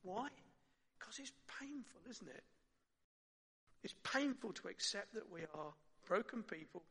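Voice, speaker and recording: A man preaching a sermon in a conversational way, asking his listeners questions and dropping his voice softly at times. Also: high voice, animated, measured pace, husky. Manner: conversational, with rhetorical questions and soft drops. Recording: long hall reverb.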